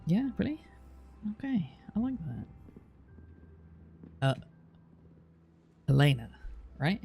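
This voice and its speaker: A man's voice: on the high side, very animated, slow pace, creaky, long pauses, a little mellow, soft background music. A British man live-streaming, reading out place names one by one and chatting casually with his viewers, with the odd swear.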